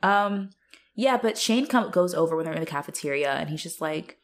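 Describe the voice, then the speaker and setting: Brief: young woman co-host, low gravelly voice, loose animated recap banter. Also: a little fast. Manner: animated, swearing, acts out characters with laughter. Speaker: podcast co-host. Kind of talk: casual recap chat.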